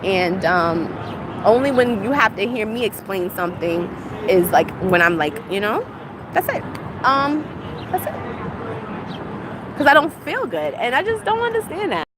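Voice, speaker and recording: A woman's voice: fairly high pitch, very animated, unhurried, pauses often. Upset woman venting with a dry cough. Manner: upset, repetitive rhetorical questions. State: dry cough, clearing throat. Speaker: vlogger. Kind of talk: venting vlog monologue. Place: outdoors on a city street, heading to a train. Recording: street noise behind.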